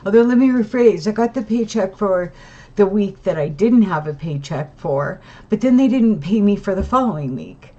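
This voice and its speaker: Speaking at a moderate pace in a medium-pitched, mellow voice with lively intonation, a tired woman rambles to her camera at home. Her venting monologue is full of restarts and repeated "right?", captured in dull lo-fi sound.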